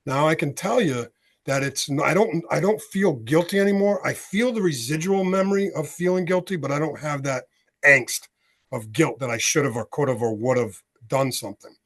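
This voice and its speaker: Appearing as a podcast guest, a U.S. veteran and author in his sixties recounts his story with animation, voicing the dialogue himself. He speaks at normal speed in a fairly high voice.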